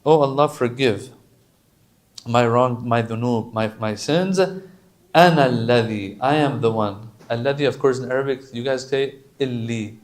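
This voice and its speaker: A male preacher giving a sermon, switching between quick Arabic recitation and relaxed English explanation. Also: medium pitch. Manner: chants Arabic lines rapidly then explains in casual English.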